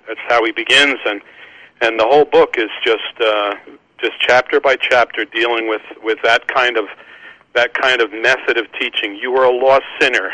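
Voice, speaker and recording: A man's voice: mid-range voice, no room sound, rough recording. A man hosting a casual conversation about Christian books, talking with many restarts and repeated words. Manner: halting, many restarts, warm laughter. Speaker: Christian book publisher and podcast host.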